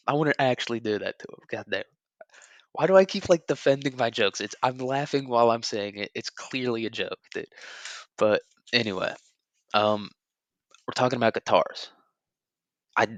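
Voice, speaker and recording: Twenties guy rambling on his own show, kinda low voice, crude jokes n lots of um and like, r's come out as w's sometimes, dry close sound. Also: a bit bright, smooth, dry recording. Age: 20s. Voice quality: sometimes says R like W. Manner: crude, joking, rambling with frequent fillers and chuckles. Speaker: podcast host. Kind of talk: rambling casual monologue.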